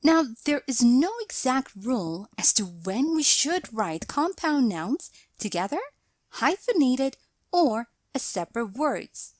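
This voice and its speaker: A woman with a higher-leaning voice narrates a scripted English grammar lesson, explaining each point deliberately and in a measured way. There is no echo.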